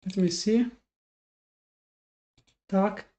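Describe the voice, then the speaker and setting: This streamer's voice is high-pitched, steady and dark, with drawn-out words. Live day trading, he addresses his chat while thinking aloud through many restarts, frustrated and self-critical, in a dull lo-fi recording.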